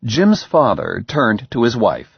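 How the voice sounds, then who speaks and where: A man narrating an audiobook in an expressive, measured way. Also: medium pitch, gravelly, husky, no echo. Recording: slightly dull, dry recording.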